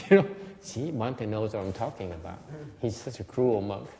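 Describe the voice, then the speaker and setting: Male Vietnamese monk teacher, native Vietnamese, lively stammering talk, dark tone, reverberant hall. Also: fairly low pitch, moderate pace, creaky, a little hiss or hum. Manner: animated, laughing, stammers and repeats words. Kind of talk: casual dharma talk.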